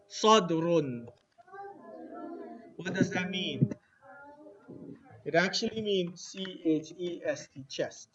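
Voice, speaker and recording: A man's voice: high voice, fairly bright tone. A man teaching an Arabic lesson to a class, asking questions and having students repeat words after him. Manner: slow, asks students questions and has them repeat words. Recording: dull lo-fi classroom recording with faint noise.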